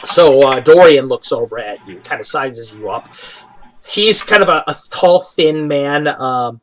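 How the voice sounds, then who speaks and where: Game master narrating with a lively voice. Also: medium pitch, measured pace, poor audio. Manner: laughs often, loose and animated.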